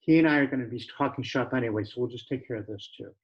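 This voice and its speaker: A man's voice: mid-range voice, fast, muffled recording, lightly acted. A man voicing an irritated adult male business partner who talks bluntly and sarcastically.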